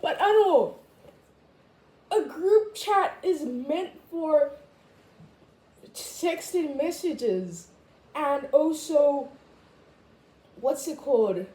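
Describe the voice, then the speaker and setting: A woman in a casual rant to camera as a vlogger, chatty and full of "like", jumping high in pitch when she quotes herself. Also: animated, very slow, pauses often, warm tone. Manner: chatty, full of "like" and "I was just like". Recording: echoey room, faint background noise.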